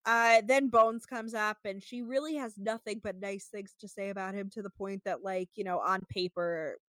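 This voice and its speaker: A woman's voice: medium pitch, fairly even intonation, normal speed, fairly bright tone, no echo, studio quality. A young woman hosting a podcast, recapping episodes in a rambling, filler-heavy way and slipping into mocking voices. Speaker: podcast host. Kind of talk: casual chat recapping a show.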